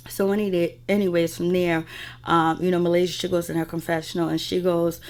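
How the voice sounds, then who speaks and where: A woman's voice: on the low side, level tone, a little fast, a little mellow. Chatty, opinionated woman recapping. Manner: chatty, opinionated, with frequent filler phrases. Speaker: reality TV recap host. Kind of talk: casual spoken recap.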